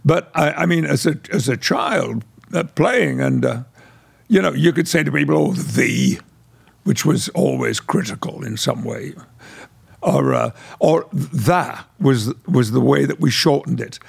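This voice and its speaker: An older man from West Yorkshire telling stories as a podcast guest in polished received pronunciation. His voice is deeply gravelly and husky, and he slips into little voices for the people in his tales. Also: lively intonation. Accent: English received pronunciation. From England, West Yorkshire. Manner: measured storyteller who acts out voices. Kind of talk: conversational storytelling interview.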